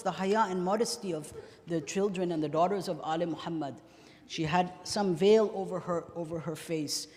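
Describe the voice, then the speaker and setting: A man preaching a mourning sermon, swinging between hushed recital and loud, emotional outbursts. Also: sits high, big-room sound. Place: large hall.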